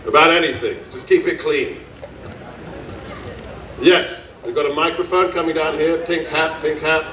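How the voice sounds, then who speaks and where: A man's voice: fairly high pitch, steady tone, normal speed, bright, forceful tone, a little hiss or hum. Man giving an emphatic rally speech. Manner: emphatic, storytelling, repeats phrases for effect. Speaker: speaker at a gun rights festival. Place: outdoor festival stage. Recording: echoey, distant PA sound.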